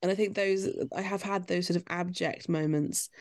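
Candid woman, gravelly voice. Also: on the low side, moderate pace. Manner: candid, animated storytelling with restarts. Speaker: guest. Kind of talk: casual podcast chat.

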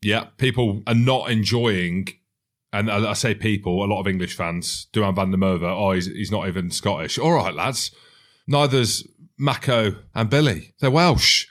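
A man's voice: lowish voice, unhurried. A man hosting a sports podcast, enthusiastic and teasing in casual banter. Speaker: podcast host.

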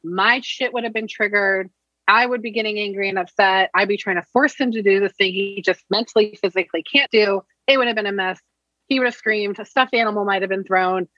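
A woman's voice: medium pitch, fairly quick, bright, forceful tone, no echo. A woman from Virginia, a counselor and mother, chatting candidly and animatedly in a podcast interview. She swears casually as she tells stories. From Virginia, USA. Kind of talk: casual conversation, storytelling. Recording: dull, dry lo-fi sound.

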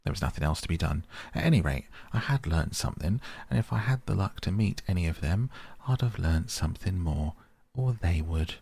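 A man voicing a cheerful, bold male otter who tells a lively story. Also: deep voice, brisk, creaky, breathy edge, exaggerated voice.

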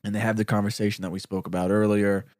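A man's voice: on the low side, flat delivery, fast talker, darkish tone, no room sound, clean studio sound. A man co-hosting a podcast, brainstorming in a casual chat, laughing often and saying "dude". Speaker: podcast co-host.

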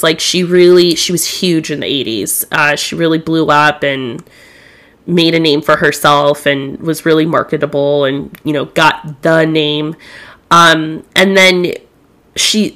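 A woman's voice: low-pitched, measured pace, fairly bright tone. A young woman hosting a podcast alone, chatting candidly and swearing freely. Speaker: podcast host. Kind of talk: casual solo podcast chat.

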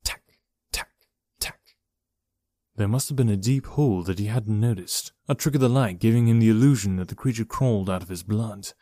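Man, lowish voice, measured horror narration, dry close sound. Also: mellow, no room sound. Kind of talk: scripted horror audiobook narration.

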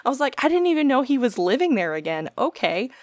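A woman's voice: high-pitched, fast talker, no room sound, clean studio sound. A young adult woman telling a long story in casual chat, swearing often and acting out what people said. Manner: profane, animated storytelling with quoted voices.

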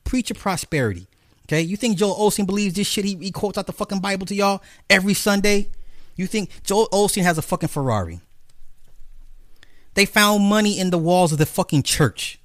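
A man delivering a profane, animated commentary rant, mocking the people he talks about. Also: fairly quick, no room sound, clean studio sound. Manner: profane, animated, mocking, jumps into high mimicking voices. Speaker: commentary host. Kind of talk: ranting commentary monologue.

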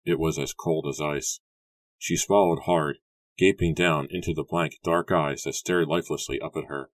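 A man reads an audiobook in an even, steady storytelling manner. His voice is very deep, and the recording is close and dry with no room sound. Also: normal speed, no room sound. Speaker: audiobook narrator. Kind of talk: scripted narration.

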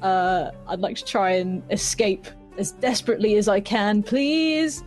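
A woman's voice: mid-range voice, animated, measured pace, a little mellow, soft background music. A woman playing a tabletop game who talks eagerly and hedges with fillers as she describes her moves. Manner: eager, chatty, hedging with fillers. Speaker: player. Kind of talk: casual chat at a tabletop game.

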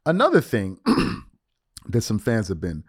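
A man's voice: lowish voice, wildly swooping pitch, unhurried, breathy edge. A man hosting a sports podcast, talking casually and emphatically in slang, often repeating words. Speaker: podcast host. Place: lives abroad, recording at home.

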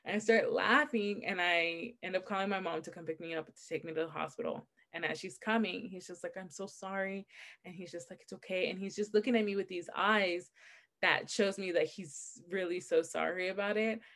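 Brief: young woman podcast co-host, chatty and animated, quick to laugh while telling stories. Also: fairly low pitch. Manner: animated storyteller, laughs often. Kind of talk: casual book chat.

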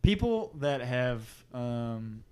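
A man's voice: mid-range voice, very animated, extremely slow, darkish tone, clear, resonant tone. A man hosting a podcast, chatting casually and laughing often while watching a movie at home, slipping into playful impressions. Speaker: podcast host. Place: living room at home.

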